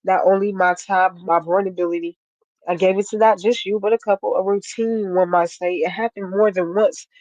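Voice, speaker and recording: A guest poet from Ohio, answering interview questions plainly and then reciting spoken-word poetry with a steady rhythm. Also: mid-range voice, a little fast, dry recording. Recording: dull lo-fi dry stream audio.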